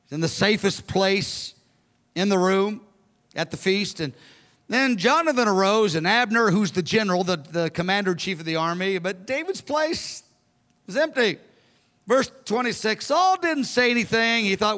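A man preaching a verse-by-verse Bible teaching in an animated, conversational way, acting out the characters as he goes. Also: high voice, normal speed. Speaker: pastor. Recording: long hall reverb.

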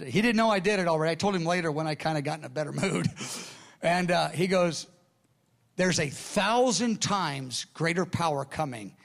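A man preaching as a pastor, telling a story and acting out the voices of the people in it, his volume swinging from hushed to loud. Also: fairly high pitch, normal speed, gravelly. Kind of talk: sermon storytelling.

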